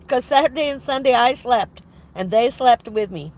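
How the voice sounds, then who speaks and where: A woman's voice: a little high, moderate pace, darkish tone. Chatty congested older woman vlogger. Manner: rambling, chatty, laughs often, greets viewers by name. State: congested from a head cold. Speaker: van life vlogger hosting a livestream. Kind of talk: casual livestream chat. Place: in her van.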